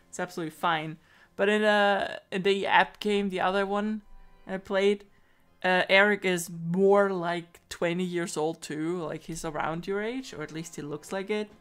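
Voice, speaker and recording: A woman's voice: on the low side, a little slow, fairly bright tone. A woman who is not a native English speaker, giving giggly, joking commentary while playing a story game. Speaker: game streamer.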